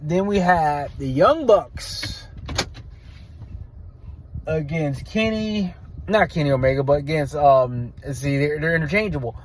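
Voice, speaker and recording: Male show host, fairly high voice, blunt opinionated rambler who stammers and restarts. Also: unhurried, pauses often, a little hiss or hum. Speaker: wrestling show reviewer. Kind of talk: casual opinionated review.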